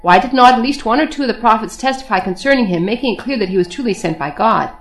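A woman reading the lines of captive male saints who answer calmly and firmly, reasoning from scripture. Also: fairly high pitch, fast, natural voice. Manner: calm, reasoning, quoting scripture. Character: captive male Christian saints, calm and firm.

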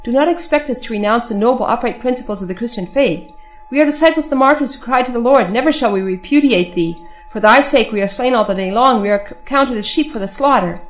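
A woman reading the lines of captive male saints who answer calmly and firmly, reasoning from scripture. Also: on the high side, fast, soft background music, close to an everyday voice. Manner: calm, reasoning, quoting scripture. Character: captive male Christian saints, calm and firm.

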